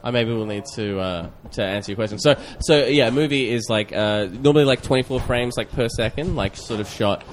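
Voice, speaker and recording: Man from australia, improv comedy, deadpan mock-earnest, faint background noise. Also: mid-range voice, brisk, few pauses.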